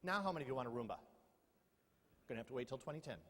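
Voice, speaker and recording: A man's voice: medium pitch, lively intonation, very fast, fairly bright tone. A middle-aged man giving a humorous keynote talk, joking and quizzing his audience with questions. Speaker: keynote speaker. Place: large lecture hall. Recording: long hall reverb.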